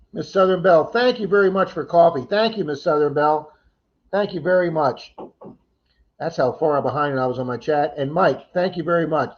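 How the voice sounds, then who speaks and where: Guy hosting a live stream, kinda high voice, chatty, thanks everyone by name, muffled lo-fi audio. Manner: chatty, thanks viewers by name, laughs easily. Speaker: livestream host. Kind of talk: casual chat reading viewer comments.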